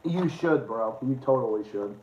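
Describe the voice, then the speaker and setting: A young man hosting a casual livestream, excitable and rambling, swearing often with quick restarts. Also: medium pitch. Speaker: livestream host. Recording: echoey room, faint noise.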